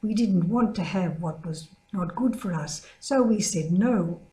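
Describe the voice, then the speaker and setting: An older woman, a religious sister, giving a gentle spoken reflection built around a story, lifting her voice to act out the people she quotes. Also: a little slow. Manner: storytelling, acts out quoted voices with higher pitch. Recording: echoey room.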